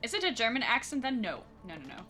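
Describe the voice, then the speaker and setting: Woman streamer, lively pitch, highish voice, chatty, game music behind. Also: fast talker. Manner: chatty and animated, reacting out loud. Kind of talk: live gameplay commentary.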